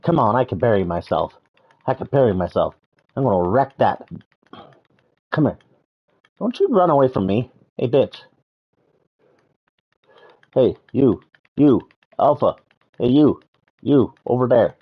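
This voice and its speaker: Man, live streamer, playful gameplay chatter, hums and taunts, mid-pitched voice, dull lo-fi sound. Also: sing-song, measured pace, pauses often, slightly rough. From Canada. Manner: playful, humming and taunting to himself. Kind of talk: casual gameplay commentary.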